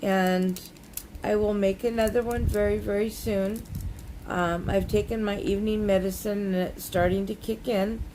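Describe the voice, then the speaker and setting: A woman's voice: medium pitch, steady tone, moderate pace, noisy background. A woman chatting casually while she crafts, rambling and telling folksy jokes. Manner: folksy, rambling joke-teller. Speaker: crafting vlogger.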